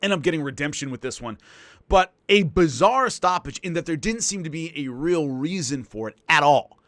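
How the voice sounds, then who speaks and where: Man, combat sports analyst, lively swooping delivery, slightly high voice, dry close sound. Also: normal speed, dry recording. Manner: animated, emphatic storytelling with frequent restarts. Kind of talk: casual analytical commentary.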